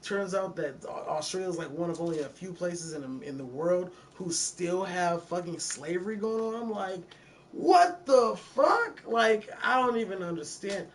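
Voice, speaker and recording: A man with a Detroit accent speaks in a fairly high voice, talking to his livestream viewers in a loose, profane way and laughing between remarks. Faint background noise sits under his voice. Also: normal speed, hardly any pauses, a little mellow. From Detroit, USA. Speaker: music producer streaming to viewers. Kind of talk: casual livestream chat. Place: recording studio.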